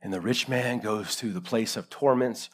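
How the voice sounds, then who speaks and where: A man preaching a live sermon in a church, swinging between loud urgency and hushed gravity. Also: lowish voice, moderate pace. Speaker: pastor.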